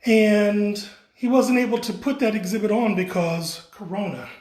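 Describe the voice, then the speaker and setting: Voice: mid-range voice, steady tone, moderate pace, darkish tone. Enthusiastic gallery guide, casual walking-tour chatter, indoor exhibit. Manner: enthusiastic, chatty, playful exclamations.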